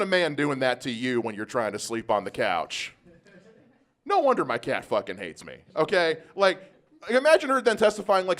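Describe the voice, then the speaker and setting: A man's voice: fairly high pitch, wildly swooping pitch, moderate pace, a bit bright. Self-deprecating male stand-up comic. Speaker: stand-up comedian. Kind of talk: stand-up comedy set.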